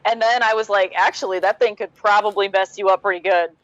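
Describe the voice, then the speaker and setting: A woman's voice: medium pitch, fairly even intonation, fast talker, fairly bright tone, no room sound, highs cut off. A woman guest on a podcast, talking casually and filling her speech with "like". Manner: chatty, uses many "like" fillers.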